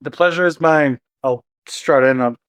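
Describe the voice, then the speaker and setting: A man's voice: a little high, moderate pace, a bit bright, smooth, no echo. A man playing in a tabletop game who talks loosely and says "like" a lot. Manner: loose, with many "like" fillers. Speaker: player. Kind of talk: casual tabletop role-play.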